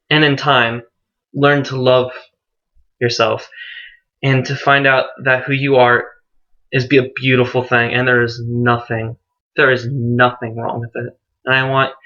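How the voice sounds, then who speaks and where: A teenage boy vlogger telling his coming-out story to the camera, animated and earnest, jumping his pitch up high for quoted voices. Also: muffled recording. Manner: earnest and tender when encouraging viewers.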